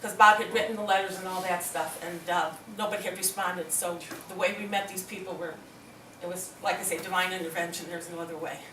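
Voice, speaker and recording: A woman's voice: on the low side, a little fast, noisy background. A middle-aged woman telling a story to an audience in a hospital meeting room, acting out other people's words as she goes. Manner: animated, acts out quoted voices. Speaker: speaker at a hospital presentation. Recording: echoey room, mic from a distance.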